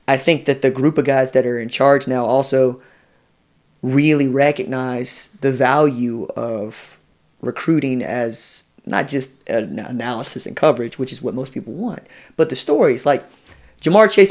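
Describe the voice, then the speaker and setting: A man in a casual sports podcast chat, telling recruiting stories with animated energy and slipping into quoted voices. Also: mid-range voice, moderate pace. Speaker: college football recruiting analyst.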